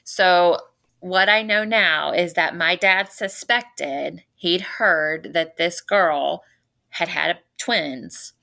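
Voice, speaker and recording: A woman's voice: fairly low pitch, drawn-out words, vocal fry, bright, forceful tone. A woman in her forties from North Louisiana, a podcast guest earnestly telling her personal story in casual conversation. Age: 40s. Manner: earnest, retells events by quoting everyone's words.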